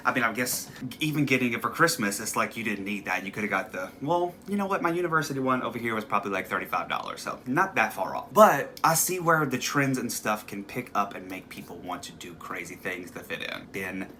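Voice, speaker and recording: A young man hosting a casual video reaction, chatty and animated, laughing often. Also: fairly low pitch, fairly quick, a little hiss or hum. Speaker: host.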